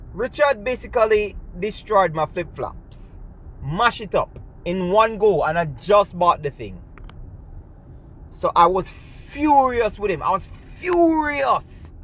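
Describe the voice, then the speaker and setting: A man's voice: sits high, sing-song, slow, long pauses, a bit bright. A man with a Jamaican accent telling a personal story in a chatty way, mixing in patois and often asking "you see me?". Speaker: storyteller, gymnastics coach.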